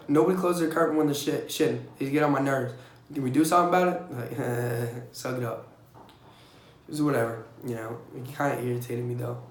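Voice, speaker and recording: A young man casually telling blunt, profane stories in a vlog, animated whenever he quotes other people. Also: on the high side, gravelly. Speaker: vlogger recounting navy boot camp. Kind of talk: casual storytelling. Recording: echoey room.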